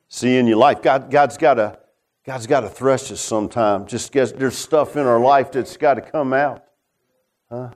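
A middle-aged man preaching a folksy testimony sermon, repeating "man" and "huh?", swinging between loud preaching and hushed low tones. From Virginia.

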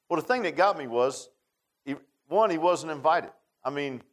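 Folksy preacher telling a story. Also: male voice, medium pitch, sing-song, moderate pace, poor audio. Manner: folksy storytelling, swings from loud to hushed. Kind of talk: sermon.

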